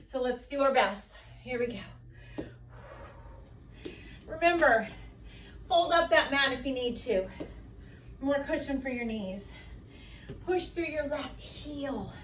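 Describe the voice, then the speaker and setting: Woman fitness coach, high voice, calm unhurried delivery, roomy basement sound with faint background hum. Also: far from the mic. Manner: encouraging, counts down and cheers. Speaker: fitness instructor. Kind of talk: coaching a workout class. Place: basement at home. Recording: roomy echo, voice a bit off-mic.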